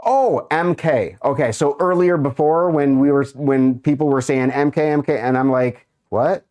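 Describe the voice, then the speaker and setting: Mid-range and darkish, the host's voice carries through a relaxed livestream. He reads out the chat, muttering as he browses and making amused side comments at an easy pace.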